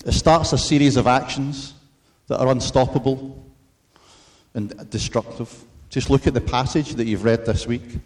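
A man preaching a sermon in an earnest, measured way, mixing in storytelling asides. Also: mid-range voice, fairly even intonation.

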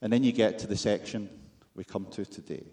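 A man's voice: fairly low pitch, fairly quick, a little mellow. Scottish guy giving a sermon, dry jokes at his own expense, keeps asking the room questions. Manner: wry, self-deprecating humor with rhetorical questions. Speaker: preacher.

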